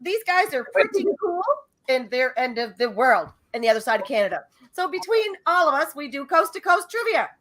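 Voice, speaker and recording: A woman host chats and rambles her way through a trivia show. Her voice is high and bright, and she laughs easily. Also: big pitch swings, a little fast. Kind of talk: casual chat.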